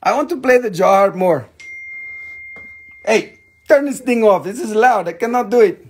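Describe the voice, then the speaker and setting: A man hosting a live-stream crystal sale, rambling and joking in a goofy, playful way with sudden shouts. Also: high voice, lively intonation, unhurried, a little hiss or hum.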